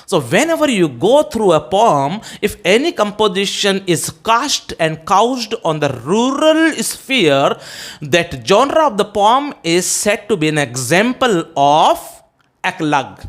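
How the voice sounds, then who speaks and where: A male English teacher with an Indian accent lecturing on a poem, often checking with "okay?" and spelling terms out letter by letter, with halting restarts. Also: high-pitched, a bit bright. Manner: hesitant restarts with many "uh"s.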